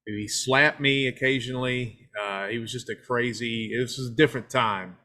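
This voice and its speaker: A man's voice: medium pitch, steady tone, moderate pace, sharp tone. A man from Knoxville, Tennessee, chatting as a podcast guest in a rambling, self-deprecating, joking way. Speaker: guest filmmaker. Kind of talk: casual interview chat.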